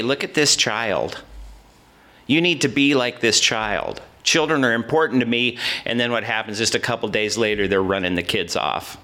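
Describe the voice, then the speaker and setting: A man's voice: medium pitch, bright, forceful tone. A man preaching a conversational sermon, reading scripture and asking the listeners questions. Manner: conversational, with fillers and asides to listeners. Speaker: pastor.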